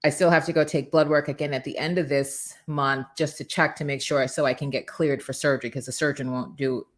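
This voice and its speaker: Energetic woman hosting a motivational show. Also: deep voice, brisk. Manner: energetic, preachy, talks straight to viewers. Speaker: host. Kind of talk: motivational live show chat.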